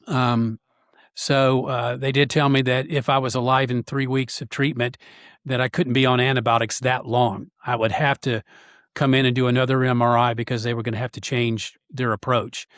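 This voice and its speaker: A man, a podcast guest, telling a personal story in an earnest, halting way with frequent pauses. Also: medium pitch, little pitch movement, a bit bright, no room sound, studio quality.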